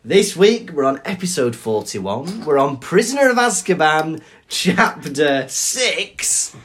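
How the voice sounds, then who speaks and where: A man's voice: fairly high pitch, big pitch swings, slow pace, few pauses, fairly bright tone. Chatty man telling stories. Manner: chatty storyteller, mimics others in his anecdotes. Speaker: podcast co-host. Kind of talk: casual chat.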